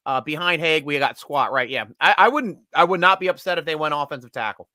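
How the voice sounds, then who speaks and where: A man hosting a live sports chat stream, excitable, laughing often and talking in quick bursts. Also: fairly high pitch, no echo, clean studio sound. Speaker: host.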